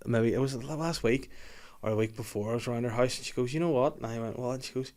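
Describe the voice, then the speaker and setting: A man's voice: medium pitch, fast talker, darkish tone. A man, hosting a casual podcast chat and telling rambling stories with plenty of swearing. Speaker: podcast host.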